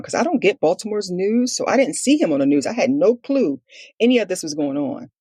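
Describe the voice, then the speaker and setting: A woman with a husky, slightly breathy voice tells a personal story in a podcast interview. She speaks earnestly and fast, acting out remembered dialogue and leaning on "like" as she goes. The sound is dry and close. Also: on the low side, big pitch swings, a little mellow, dry recording. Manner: earnest, quick retelling with quoted dialogue and many "like" fillers. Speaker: guest telling her family story.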